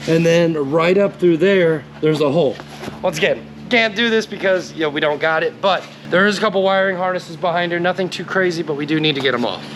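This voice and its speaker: A laid-back man with a fairly high voice talks through a car repair step by step, cursing casually as he works. He is recorded on a camera mic in a garage. Clear workshop and vehicle noise runs behind him. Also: fairly quick. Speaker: DIY car repair host. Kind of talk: casual how-to walkthrough.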